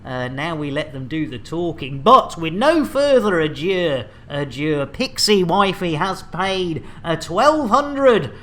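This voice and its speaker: A man's voice: on the high side, lively intonation, slow pace, hardly any pauses, a bit bright. Jokey rambling man streaming. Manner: jokey, rambling, laughs a lot. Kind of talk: casual game stream banter.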